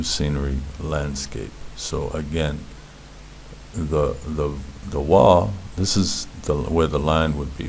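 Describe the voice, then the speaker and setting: A man's voice: very deep voice, creaky, a little mellow, a little hiss or hum. A man teaching beginners Hebrew letters, patiently repeating words and sounds as he explains. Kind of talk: instructional explanation.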